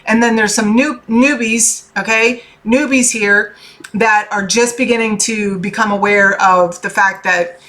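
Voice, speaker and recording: A woman's voice: mid-range voice, fairly even intonation, unhurried, a bit bright. A woman, a tarot reader and life coach, giving a chatty, earnest motivational talk to her viewers. She keeps checking in with "okay?" and swears casually. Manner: earnest and heartfelt.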